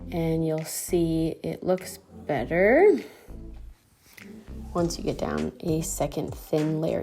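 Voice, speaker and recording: A woman with a lowish voice walks through a home tutorial at an unhurried, easy pace. She is chatty and friendly and a little breathless, and faint music plays behind her. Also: warm tone. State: slightly out of breath. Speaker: home nail tutorial host. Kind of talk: casual how-to narration.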